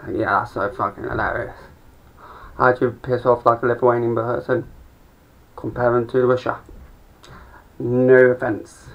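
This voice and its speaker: A young Englishman with a gravelly, fry-laden voice rambles through a stand-up routine, swearing freely and mumbling asides. The sound is dull and lo-fi, like a cheap home setup. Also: medium pitch, little pitch movement, measured pace, pauses often. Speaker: amateur comedian.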